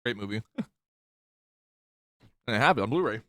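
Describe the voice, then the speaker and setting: A man's voice: fairly low pitch, lively intonation, moderate pace, a bit bright, no room sound. A man streaming a game who reads the story text aloud and chats in a rambling way, laughing easily. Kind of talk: casual play-along narration of a visual novel.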